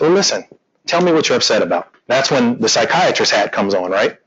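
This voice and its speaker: A man teaching a real estate class, animated and joking, acting out conversations with clients. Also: medium pitch, brisk, husky, lo-fi sound. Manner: animated, joking, acts out quotes. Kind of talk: classroom training talk.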